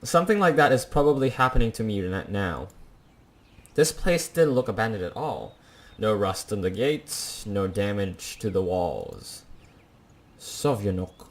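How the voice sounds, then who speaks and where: A young let's-play gamer reads a visual novel's text aloud, slipping jokes in between the dramatic lines. His voice is fairly low and sing-song, at a measured pace.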